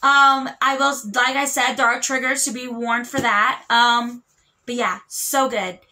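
A woman's voice: on the high side, steady tone, a little slow, pushed and bright. A young woman chatting casually as a book vlogger, rambling with lots of fillers and restarts. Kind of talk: casual chat.

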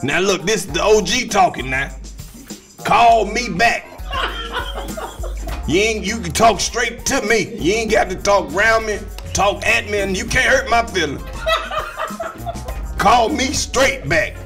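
A high drawling old uncle. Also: male voice, measured pace, long pauses, music in the background. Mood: scolding. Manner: drawling, rambling voicemail. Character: old Southern uncle and grandfather, scolding, rambling.

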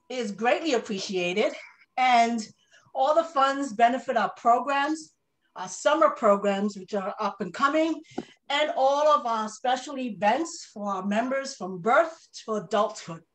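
An out-of-breath woman addresses a fundraiser over a video call, laughing between phrases. Her voice is high, and she speaks slowly. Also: expressive. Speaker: charity co-president. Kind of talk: speech at a fundraising event.

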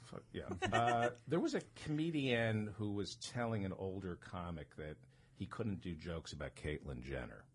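A man's voice: sits low, expressive, normal speed, husky. A man hosting a comedy podcast roundtable, asking probing questions in a stop-start way. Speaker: podcast host. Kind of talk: casual comedy roundtable chat.

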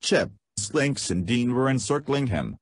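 A man's voice: medium pitch, big pitch swings, measured pace, slightly rough, no echo. A man reading an audiobook aloud, narrating a gritty story. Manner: reads dialogue aloud with profanity.

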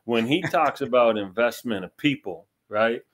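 A man's voice: mid-range voice, animated, normal speed. Friendly man asking follow-ups. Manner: friendly, asks follow-up questions. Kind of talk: casual interview chat.

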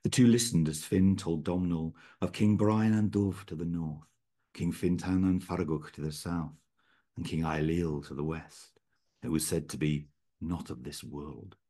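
Very deep, husky male storyteller. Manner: measured, steady storytelling. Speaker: author reading own work. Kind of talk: reading fiction aloud. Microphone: video call.

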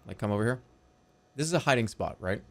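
A man streaming a game, joking around in goofy banter that swings from mumbling to yelling. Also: on the low side, animated, fast talker. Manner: playful, jumps from mumbling to yelling.

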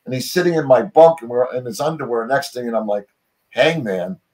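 A man's voice: medium pitch, quick pace, a little mellow. Middle-aged american guy rambling through his story, lots of you know, restarts all over, on a call. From United States. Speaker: guest. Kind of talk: casual interview storytelling.

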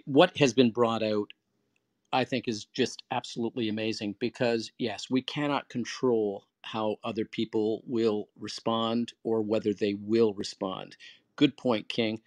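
A man's voice: lowish voice, steady tone, unhurried, darkish tone, no echo. A man hosting an online audio room, explaining in an earnest, teacherly way and acting out example phrases with shifting word stress. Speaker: host and moderator. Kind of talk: conversational advice talk.

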